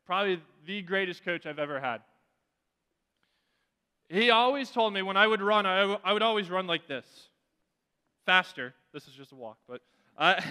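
A man's voice: high-pitched, pushed and bright, smooth. Earnest preaching man in an echoing church. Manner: earnest storytelling, with repeated restarts. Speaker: pastor. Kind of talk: sermon. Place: church sanctuary. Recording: reverberant church hall.

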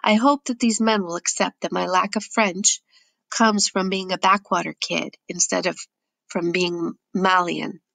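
Woman narrating audiobook, low, gravelly, dead dry sound. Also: steady tone, a little slow, a bit bright, dry recording. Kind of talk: scripted first-person audiobook narration.

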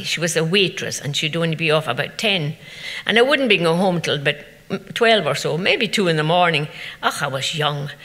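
A woman's voice: on the low side, fairly bright tone. An older woman, telling anecdotes to an audience and acting out the people she quotes. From Scotland. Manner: chatty anecdotal storytelling, acting out quoted voices. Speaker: festival speaker. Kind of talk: storytelling talk to an audience. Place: event venue. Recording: echoey hall.

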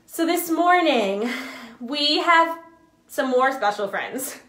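An enthusiastic woman hosts a live children's show with a sing-song lilt. Her voice sits high and she talks at a slow, careful pace. The room around her is echoey. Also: expressive, a bit bright. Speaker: children's ministry host.

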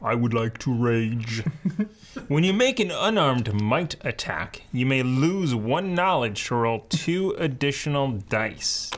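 A man's voice: medium pitch, sing-song, slight background noise. A man playing in a board game session, playful as he reads his card. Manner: playful, slow. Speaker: player.

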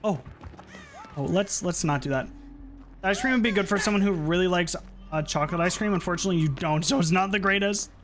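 A young man casually chatting and swearing while streaming a horror game, reacting loudly when frustrated. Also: sits high, a little fast, slight background noise. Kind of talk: casual gaming stream chat.

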